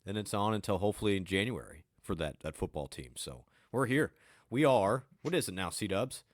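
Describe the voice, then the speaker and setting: A man with a fairly low voice co-hosts a sports podcast in relaxed chat. He is upbeat and teasing, throwing in quick asides as he talks. The recording is dry, close to the mic. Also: dry recording. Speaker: podcast co-host, team beat reporter.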